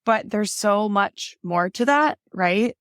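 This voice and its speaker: A woman's voice: mid-range voice, lively intonation, slow, fairly bright tone, no room sound, studio quality. A woman being interviewed as a functional health practitioner, telling her story in an earnest, chatty way with lots of "like" and "right?". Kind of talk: casual interview talk.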